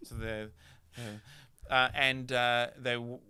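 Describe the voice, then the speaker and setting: A man's voice: medium pitch, level tone, slow, sharp tone, smooth. A man hosting a casual podcast chat, rambling and teasing with many restarts. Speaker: podcast host.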